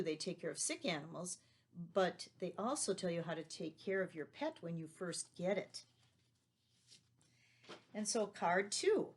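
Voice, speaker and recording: A woman's voice: lowish voice, breathy edge. A woman teaching a remote lesson to young children, patient and leading them along with tag questions.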